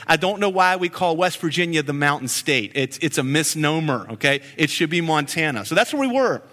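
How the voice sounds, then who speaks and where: A man in his forties preaching a sermon as a pastor, telling stories in an animated, joking way. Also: a little high, a little fast, big-room sound. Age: 40s.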